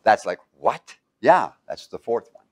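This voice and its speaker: Excitable male Bible teacher quizzing class. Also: on the low side, unhurried, husky. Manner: quizzes the class with fill-in questions; excitable, with sudden exclamations.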